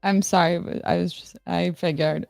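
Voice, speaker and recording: A woman's voice: lowish voice, steady tone, moderate pace, vocal fry, a little mellow, no room sound, clean studio sound, soft background music. A woman hosting a live stream in a casual, rambling, self-mocking chat, answering her viewers.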